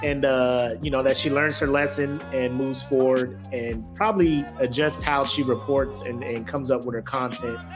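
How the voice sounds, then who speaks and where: A man's voice: medium pitch, fairly even intonation, normal speed, few pauses, over music. A man in his forties co-hosting a podcast, talking loosely, joking, swearing freely and laughing often. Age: 40s. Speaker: podcast co-host. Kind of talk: casual podcast banter.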